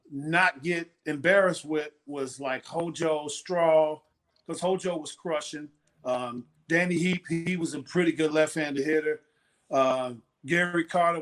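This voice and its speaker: Lively older man telling stories. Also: on the high side. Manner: animated storyteller, acts out quoted voices. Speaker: former pitcher, guest. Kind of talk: casual interview storytelling.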